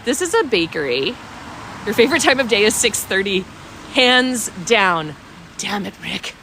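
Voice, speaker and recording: Her voice is a little high, very animated, pushed and bright, at a moderate pace, with a faint hiss or hum. She's a bubbly travel livestream host walking outdoors on a village street, chatting with viewers' comments and a bit sniffly from a cold.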